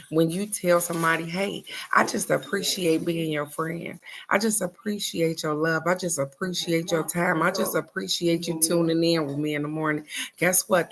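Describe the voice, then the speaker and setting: A woman's voice: fairly low pitch, vocal fry, slight background noise. An older woman, hosting a morning live stream and talking in a casual, heartfelt way to her viewers, often asking "guess what?". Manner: repetitive, warm-hearted, asks "guess what?".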